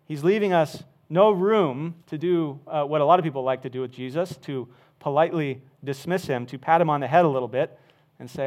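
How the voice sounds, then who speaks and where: A man preaching a sermon, emphatic, with wide swings from loud to soft. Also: on the high side, fairly quick. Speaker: pastor.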